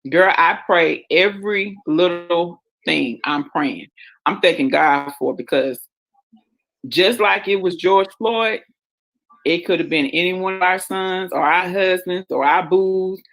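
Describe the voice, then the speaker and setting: A woman's voice: lowish voice, a little slow, fairly bright tone. A woman with a Southern US accent hosting a casual chat, talking freely and calling everyone "girl.". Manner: chatty, calls everyone girl. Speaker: host.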